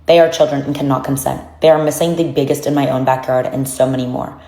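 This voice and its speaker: A woman narrating as she reads journal passages aloud in a solemn, even way. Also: extremely low pitch, fast talker, reverberant. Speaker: narrator reading documents.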